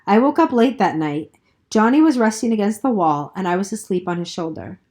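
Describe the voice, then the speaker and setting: Woman reading a book chapter out loud, steady first-person narrating, mid pitch. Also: a little fast. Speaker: reader. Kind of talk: reading a novel aloud.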